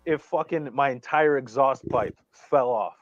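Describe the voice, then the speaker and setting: A man's voice: medium pitch, measured pace, no echo, muffled recording. A man telling a long story on a live talk show, rambling and profane, with many restarts and stammers. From Chicago area. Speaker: guest storyteller.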